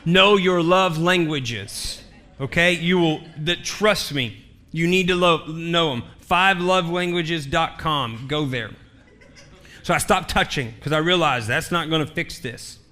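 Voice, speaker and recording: A man preaches a sermon in a church, delivering a personal story with humor and emphatic repetition. His voice sits a bit high and rings bright and forceful. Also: a little slow. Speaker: pastor.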